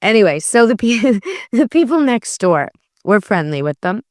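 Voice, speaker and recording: A woman pet expert chats through stories and advice in a lively, casual way, slipping into quoted voices now and then. Her voice sits at a middle pitch, and the recording is dry and close with no room sound. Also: moderate pace, no echo. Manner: lively storyteller, acts out quoted voices, laughs. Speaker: pet expert and podcast host.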